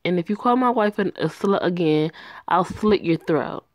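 A woman's voice: on the low side, lively intonation, normal speed, no echo, lightly acted. A woman voicing a hardened young man who speaks bluntly and coldly, without remorse. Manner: blunt, cold.

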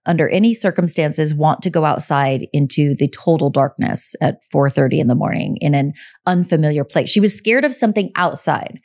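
A woman's voice: fairly low pitch, darkish tone. A woman hosting a podcast, telling a true crime case in a casual, conversational way and often adding her own take. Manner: conversational, hedges with personal takes. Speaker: podcast host.

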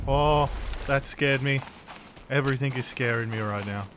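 A man giving casual let's-play commentary as host of his channel, jumpy and quick to exclaim at every scare. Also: medium pitch, over music.

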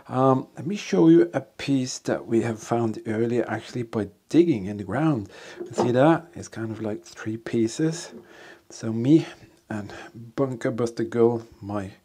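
A middle-aged man talking through a casual vlog, excited and talking to himself and to viewers, outdoors in freezing cold and later in a workshop. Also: medium pitch, unhurried, husky, no room sound. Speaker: history hunting vlogger.

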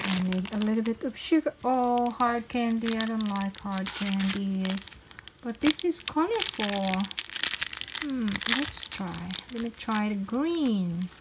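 A young woman chats through a toy unboxing at a slow, unhurried pace, giggling and cheering at each small find. Her voice sits fairly high, and loud crinkling of packaging and clicks run behind her throughout. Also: heavy background noise. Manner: chatty, giggly, cheerful exclamations. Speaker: toy unboxing channel host. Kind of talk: casual toy unboxing vlog.

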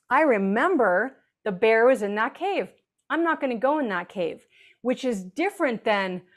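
A woman author as an interview guest, explaining earnestly and now and then acting out quoted voices. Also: fairly high pitch. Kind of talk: conversational interview.

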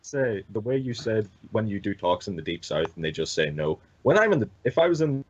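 A man's voice: fairly low pitch, sing-song, fairly quick, breathy edge. A man co-hosting a podcast, swearing heavily in mock outrage. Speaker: podcast co-host. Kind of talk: casual chat. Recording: dull lo-fi podcast audio.

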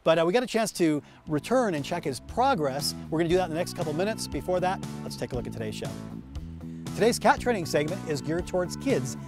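A man's voice: fairly high pitch, sing-song, quick pace, vocal fry, over music. A man hosting a dog training show, explaining methods in an upbeat, chatty way with many fillers and restarts. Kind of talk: instructional TV show.

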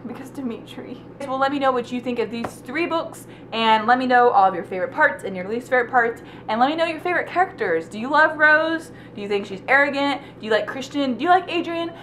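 A woman's voice: sits high, lively intonation, fast, few pauses, a bit bright, a little hiss or hum. A young woman giving an emotional, rambling book review from home, gushing and often trailing off mid-thought. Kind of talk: casual video review. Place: at home indoors.

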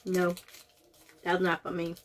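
A woman's voice: fairly low pitch, completely flat delivery, slow pace, a little hiss or hum. A woman doing a casual taste-test vlog, groaning and reacting dramatically as she talks straight to her viewers. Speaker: vlogger.

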